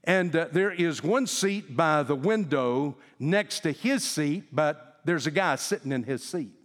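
A male pastor telling a story in a sermon, in a folksy, animated way. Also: a little high, unhurried, big-room sound.

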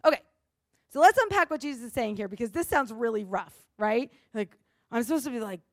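A woman's voice: on the high side, lively intonation, brisk, no room sound, clean studio sound. A woman preaching a conversational sermon, talking casually, often saying "like" and checking in with "right?".

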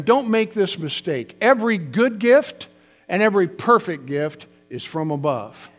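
High-voiced man preaching a fervent sermon. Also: fairly bright tone, big-room sound. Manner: fervent preaching, calls out to the congregation. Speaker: pastor.

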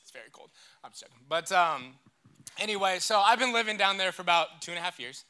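Bright-voiced young man preaching. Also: high-pitched, lively intonation, fast talker. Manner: joking, talkative, audience call-and-response. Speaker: church speaker. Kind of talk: casual sermon.

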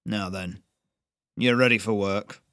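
A man voicing a stern old male blacksmith who talks in curt, rasping commands. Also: on the low side, fairly even intonation, a little slow, bright, forceful tone, no echo, studio quality. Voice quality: rasping, growling.

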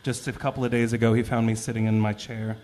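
A man's voice: mid-range voice, fast talker, slight background noise. A man reading a personal story to a live audience, acting out the voices he quotes. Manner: animated, acts out quoted voices.

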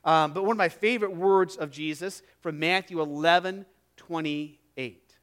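Middle-aged male pastor mid-sermon; high, resonant voice, earnest and emphatic, with quiet drops for emphasis. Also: moderate pace. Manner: earnest, emphatic, drops to a hush on key phrases, repeats words.

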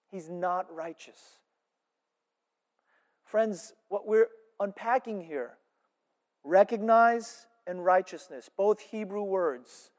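A male pastor delivering a sermon with a high voice, rising to loud emphasis and dropping into hushed asides. His words echo through a reverberant church hall with a long tail.

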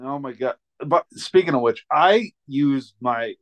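A man's voice: medium pitch, lively intonation, a little slow, no room sound. A man chatting casually as a stand-up comedian co-host, telling stories about shows, swearing and laughing. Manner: storytelling, swears freely, laughs a lot. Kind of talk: casual podcast chat.

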